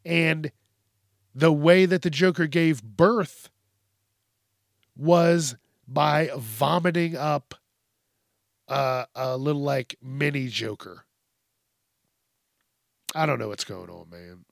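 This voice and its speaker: A man's voice: medium pitch, slow pace, creaky, long pauses, dry recording, studio quality. A man hosting his own podcast, ranting in a blunt, profane, rambling way. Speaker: podcast host. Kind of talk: casual monologue.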